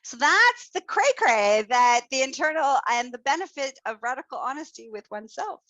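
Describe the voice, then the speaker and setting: A woman hosting a casual talk, speaking in an animated, expressive and blunt way. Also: high-pitched, moderate pace, no room sound. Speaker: podcast host. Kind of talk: casual chat.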